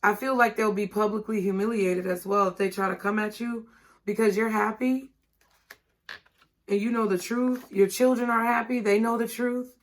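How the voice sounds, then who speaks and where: A woman's voice: mid-range voice, fairly even intonation, moderate pace. A woman giving a tarot reading and speaking straight to her viewers in an encouraging way. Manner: encouraging, direct address to viewers. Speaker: tarot reader.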